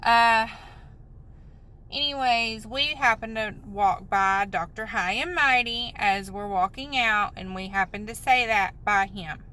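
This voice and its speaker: A woman's voice: mid-range voice, measured pace, bright, forceful tone, smooth, low-quality recording. A woman venting in a rambling, upset, apologetic way in a vlog, recorded on a phone in a parked car. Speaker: vlogger.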